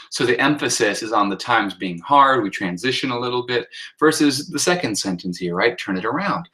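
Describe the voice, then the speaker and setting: A man, a writing instructor, giving a recorded lecture on sentence style. He talks through slides casually with many fillers and reads example sentences aloud in a raised, animated voice. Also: medium pitch, brisk, low-quality recording. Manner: conversational teaching with many fillers, acting out example sentences in a lifted voice.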